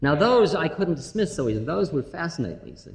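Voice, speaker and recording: A man's voice: a little high, sing-song, fast, gravelly, slight background noise. Man, spiritual lecturer, amused storyteller, recorded in a hall with long reverb. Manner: wry, laughing, musing, playful asides. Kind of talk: storytelling talk.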